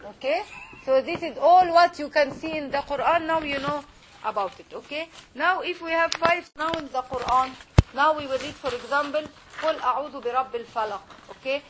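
A woman teaching a Quran reading lesson, patiently repeating sounds slowly for her students. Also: high voice, noisy background.

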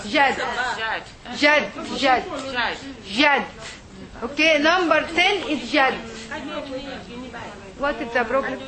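High-voiced woman teaching letters. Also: lively intonation. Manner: patient, repeats words slowly for learners. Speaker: Arabic teacher. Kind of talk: classroom teaching. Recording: noisy classroom with crowd. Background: class of women students.

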